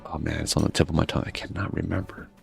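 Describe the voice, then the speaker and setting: Very deep, gravelly man rambling casually. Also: level tone, very fast, faint music behind. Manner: meandering, laid-back, swears freely. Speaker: gaming streamer. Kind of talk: casual rambling chat while playing.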